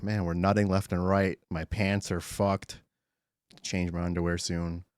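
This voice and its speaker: A man streaming live, chatting casually and excitably with his chat, swearing often and greeting viewers by name. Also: sits low, measured pace, clear, resonant tone, no echo, clean studio sound.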